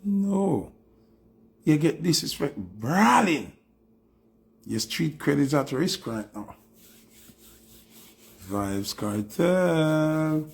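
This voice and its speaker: A Jamaican man delivers a provocative commentary monologue in a slow, unhurried cadence. His voice is gravelly and husky, and he slips easily between patois and English while goading his target. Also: on the high side, animated. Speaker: dancehall commentator.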